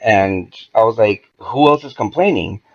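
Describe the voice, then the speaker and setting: A man's voice: on the low side, measured pace, muffled recording. A man, a podcast guest, telling a story in a casual, profane way and acting out the dialogue as he goes. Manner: profane, animated, acts out quoted dialogue.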